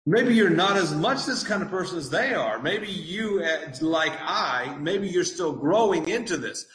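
A man's voice: sits high, lively intonation, a little slow, fairly bright tone, roomy sound, poor audio. A man preaching a sermon, earnest, putting questions to the congregation. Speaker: pastor.

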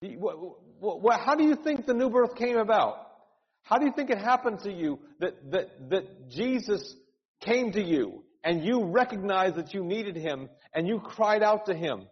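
A man's voice: high voice, lively intonation, a little slow. A male pastor preaching an earnest, urgent sermon, often repeating words and rising into cries. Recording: dull sound with long hall reverb.

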